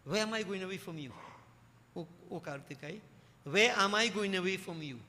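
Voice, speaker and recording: A man voicing a calm, loving male deity as he retells a sacred story in a sermon. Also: high-pitched, normal speed. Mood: tender reassurance. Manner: gentle, reassuring, solemn. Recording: echoey hall with faint ambience.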